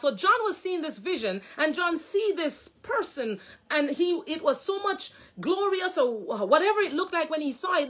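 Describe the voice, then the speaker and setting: A woman's voice: high-pitched, fairly bright tone. A woman minister preaching a sermon, reading scripture aloud and explaining it with fervent bursts of praise and repeated phrases for emphasis. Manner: fervent, breaks into exclamations of praise.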